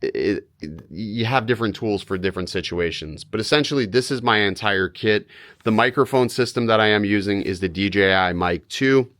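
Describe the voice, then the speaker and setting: A man's voice: on the low side, normal speed, fairly bright tone. A man talking casually about his gear, recorded on a small camera's onboard mic, his voice a little worn. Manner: casual, direct, a bit blunt. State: losing his voice. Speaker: vlogger, real estate photographer.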